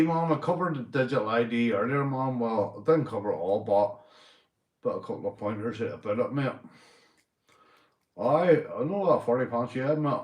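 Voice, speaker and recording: A man's voice: medium pitch, echoey room. A tipsy Northern Irish man hosting a livestream, rambling, swearing and laughing often as he chats to viewers. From Northern Ireland. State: tipsy after a few beers. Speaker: livestream host. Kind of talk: casual livestream chat.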